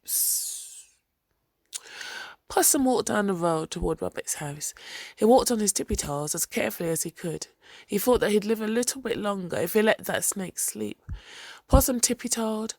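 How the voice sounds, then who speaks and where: A woman telling a folktale aloud in an expressive, rhythmic storytelling manner. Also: medium pitch, a little fast, gravelly, dry recording.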